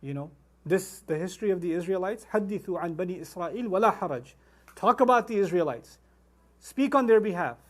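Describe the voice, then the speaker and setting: A man teaching the Quran in a quick, high voice. He swings between calm explanation and emphatic outbursts, acting out quotes and reciting Arabic verses at speed. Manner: animated, rising to emphatic outbursts and acted quotes. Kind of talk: Quran lecture.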